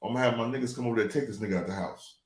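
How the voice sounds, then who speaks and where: A man's voice: mid-range voice, rapid-fire, echoey room. A man hosting a casual talk show, telling a long story and acting out the people in it. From New Jersey. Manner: animated, acts out quoted voices. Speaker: show host.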